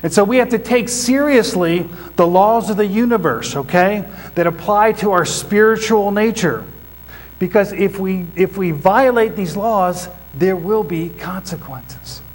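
A man with a notably high-pitched voice preaches to a congregation in church. He teaches point by point and often turns to his listeners with questions. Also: measured pace, low-quality recording. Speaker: pastor. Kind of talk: sermon.

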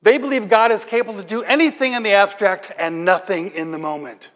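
A man's voice: sits high, fairly quick, a bit bright, long reverb tail. A man preaching a sermon as pastor, talking conversationally with rhetorical questions and building to emphatic peaks.

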